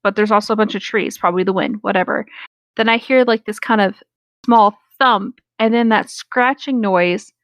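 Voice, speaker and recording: A young woman in her twenties tells a story in a loose, rambling way, full of fillers, and swears casually. The recording is dry and close, with no room sound, and her pitch sits in a middle register. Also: moderate pace, a bit bright, dry recording. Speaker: podcast co-host.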